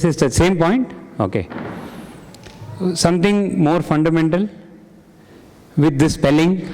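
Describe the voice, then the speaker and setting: A man's voice: fairly high pitch, darkish tone. A man leading a spiritual group discussion. He quizzes the audience and repeats their answers back to them. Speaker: satsang discussion leader. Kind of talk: interactive spiritual talk. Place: hall with an audience. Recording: long hall reverb.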